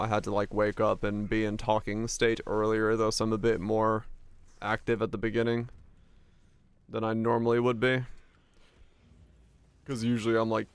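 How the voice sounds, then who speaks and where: A man's voice: fairly low pitch, smooth. A man streaming a video game, chatting casually in a laid-back, joking and sarcastic way, sleepy and yawning. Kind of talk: casual live-stream chat while gaming.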